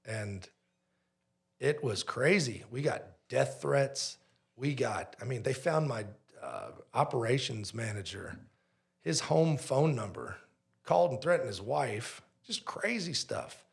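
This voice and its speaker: Gravelly-voiced man telling a story. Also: mid-range voice, slow. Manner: animated storyteller who acts out dialogue. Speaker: pizzeria owner, podcast guest. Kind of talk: casual podcast storytelling.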